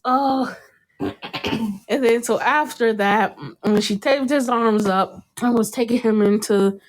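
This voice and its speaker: A woman hosting a podcast, chatting casually about a TV show, animated and laughing often, with casual swearing. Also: fairly high pitch, slow. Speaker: podcast host. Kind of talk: casual chat recapping a TV show.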